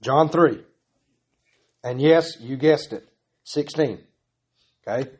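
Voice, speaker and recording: A man's voice: mid-range voice, takes it slowly, husky. A man preaching a sermon, earnest and pleading, building his points through repetition. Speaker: pastor.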